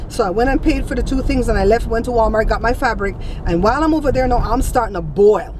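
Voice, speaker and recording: A woman vlogger telling a story in a casual, animated way, indignant and blunt. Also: fairly high pitch, fast, noisy background.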